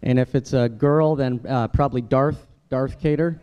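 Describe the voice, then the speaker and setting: A man's voice: steady tone, moderate pace, smooth, dull audio. A man doing a stand-up comedy set at a dinner event, talking in a conversational way and breaking into exaggerated voices for the people he quotes. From United States. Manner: conversational, jumps into high-pitched character voices for quoted people. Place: dinner event hall, live audience.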